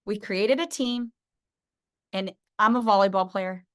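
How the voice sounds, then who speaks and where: A woman trainer teaching her team, telling stories and acting out phone calls with lively energy. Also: medium pitch, measured pace, smooth. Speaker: sales trainer.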